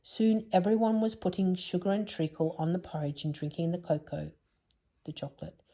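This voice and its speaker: A woman reading a children's story aloud in a gentle storyteller's voice. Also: on the low side, moderate pace. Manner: gentle, hushed at tense moments.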